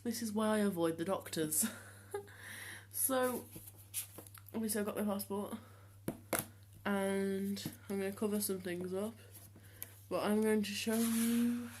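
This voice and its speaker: A seventeen-year-old young man talking casually to the camera in a vlog, hesitant with many ums and restarts, speaking in a voice he has deliberately trained lower. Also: a little mellow, slight background noise. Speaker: vlogger.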